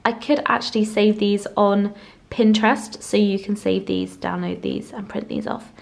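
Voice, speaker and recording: A woman's voice: mid-range voice, steady tone, moderate pace, vocal fry. A young woman, chatting casually and gushingly in a lifestyle vlog at home. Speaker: lifestyle vlogger. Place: home, indoors. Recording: echoey home room with faint ambience.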